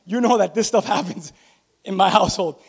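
High-voiced preacher in a reverberant church. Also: male voice, brisk, creaky, slightly rough. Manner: animated, tells personal stories and calls out to the congregation. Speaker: pastor. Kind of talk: sermon. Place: church sanctuary. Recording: long reverb of a large church hall.

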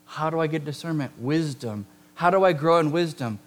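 Emphatic, joking male preacher. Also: on the high side. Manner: conversational, joking asides with the congregation; emphatic, slows down to stress key words. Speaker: pastor. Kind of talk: sermon.

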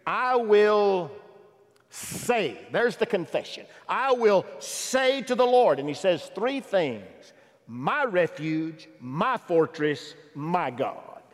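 A man preaching a sermon who swings from loud exhortation to hushed, intimate asides. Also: high voice, big-room sound.

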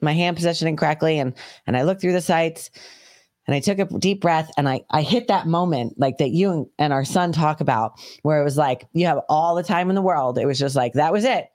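A woman co-hosting a podcast, telling a story in casual chat, animated and swearing freely. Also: low-pitched, fairly quick. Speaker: podcast co-host.

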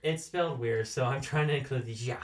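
A man's voice: mid-range voice, fairly quick, distant mic. A man from California co-hosting a casual podcast and sharing animal facts with dry humor, now and then correcting himself. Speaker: co-host.

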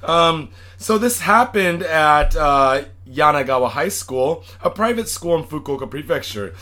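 High, lively-voiced man reading news, riffing. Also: measured pace. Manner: reads news items then riffs crudely, swears often. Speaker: podcast co-host reading news. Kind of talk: casual profane podcast banter.

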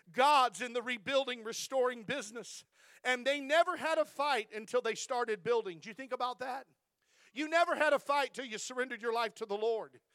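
A man's voice: very high-pitched, pushed and bright, clean tone, dry recording, studio quality. A male pastor preaching a fervent sermon in church, sprinkling in amens and rising to impassioned stretches.

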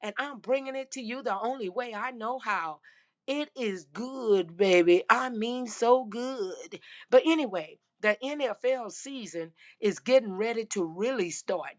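A woman hosting a casual football talk show, emphatic and folksy, her voice going hoarse. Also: on the high side, unhurried, darkish tone, lo-fi sound. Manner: emphatic, repeats "I'm telling you" and "baby". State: losing her voice. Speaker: sports podcast host.

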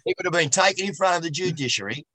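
Bright, dry-voiced man. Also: a little high, very fast, no room sound. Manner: animated anecdote-telling, blunt. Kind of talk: interview discussion.

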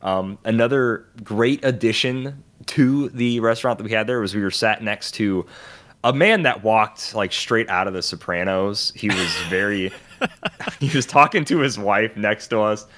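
In a casual podcast chat, a young male co-host tells lively stories, voicing the people in them. He speaks unhurriedly in a lowish voice.

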